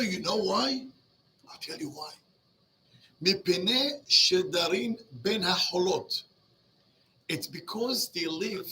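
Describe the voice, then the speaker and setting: A rabbi telling a Talmud story to a class, switching between Hebrew and English and acting out the characters. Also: sits high. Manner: lively, mixes Hebrew and English, acts out the characters. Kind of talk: animated storytelling lesson.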